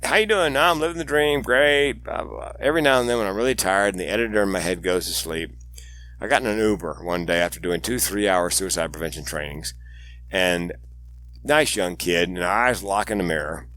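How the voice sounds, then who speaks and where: Older guy, low voice, tells jokey stories in an interview and does little voices. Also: brisk. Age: 60s. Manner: animated joking storyteller, acts out voices in anecdotes. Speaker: guest, suicide prevention speaker. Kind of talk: storytelling interview chat.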